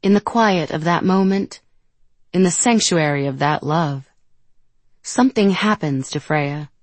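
A woman narrates a novel in an unhurried, gentle storytelling voice that sits low in her range. The recording is close and dry, with no room around her. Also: dry recording. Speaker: audiobook narrator. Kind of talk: scripted narration.

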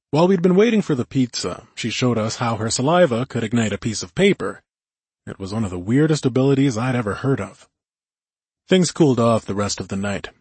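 Husky-voiced male audiobook narrator. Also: mid-range voice, a little mellow, dry recording. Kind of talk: first-person audiobook narration.

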